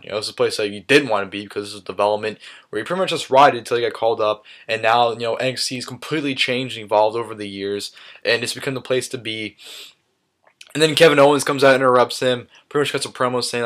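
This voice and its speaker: An excited young man talks through his recap in a loose, unscripted way. His voice sits at a middle pitch, and he keeps piling on "awesome" with lots of fillers and restarts. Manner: enthusiastic, repeats "awesome" with many fillers. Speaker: vlogger recapping a live wrestling event.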